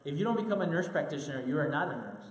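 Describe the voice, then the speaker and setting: A man's voice: on the high side, expressive, rapid-fire. Man preaching in an echoey hall. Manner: earnest, repeats key lines for emphasis. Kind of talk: sermon-style Bible teaching. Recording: roomy with long hall reverb.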